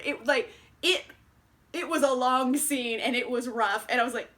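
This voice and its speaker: A woman's voice: a little high, steady tone, moderate pace, a bit bright. A young woman chatting casually in a book vlog, swearing freely and laughing often. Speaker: booktuber.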